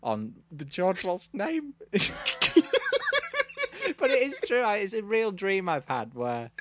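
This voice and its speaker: A man's voice: sits high, sing-song, slow, very noisy. A man co-hosting a podcast, talking in a casual, dry, self-deprecating way. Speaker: podcast co-host. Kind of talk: casual chat.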